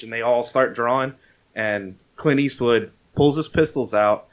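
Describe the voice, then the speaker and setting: A man's voice: medium pitch, a little slow. Lo-fi, swearing male storyteller. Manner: animated storyteller, swears freely, acts out quotes. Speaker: podcast co-host. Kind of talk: casual chat retelling a movie. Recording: dull lo-fi podcast audio.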